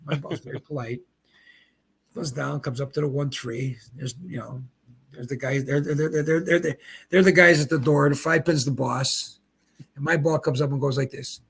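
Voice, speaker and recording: A man in his seventies from Pennsylvania, a retired bowler and guest, telling rambling, animated anecdotes in casual chat. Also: on the high side, moderate pace, creaky, breathy edge. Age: 70s. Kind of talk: casual storytelling.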